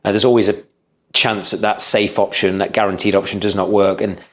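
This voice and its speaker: Podcast guest, man, 30s, lowish voice, earnest storyteller who restarts sentences. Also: little pitch movement, brisk, fairly bright tone. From England. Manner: earnest, frequent restarts and repeated words. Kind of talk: storytelling interview.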